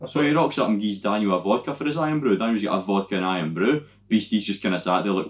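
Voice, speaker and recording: Deep-voiced Scottish man telling a pub story. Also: fast, few pauses. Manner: animated storyteller, sweary. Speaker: podcast co-host. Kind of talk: casual chat. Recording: dull lo-fi audio.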